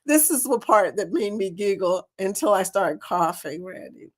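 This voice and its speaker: A woman's voice: mid-range voice, lively intonation, normal speed. A woman hosting a casual live chat, bubbly and laughing often as she talks to her viewers by name. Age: older. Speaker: livestream host.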